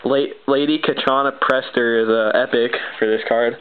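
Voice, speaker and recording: A man giving unboxing commentary as he opens card packs, talking in an excitable, stammering, apologetic way. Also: mid-range voice, normal speed, clean tone. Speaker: card pack opener. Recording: tinny lo-fi with loud hiss.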